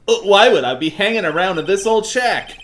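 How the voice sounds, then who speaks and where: Man putting on a high, lively, whiny goofball guy for a game dub. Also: fairly quick, slight background noise. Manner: whiny, flustered and boastful. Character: goofy excitable young male slacker. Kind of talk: voicing a game character.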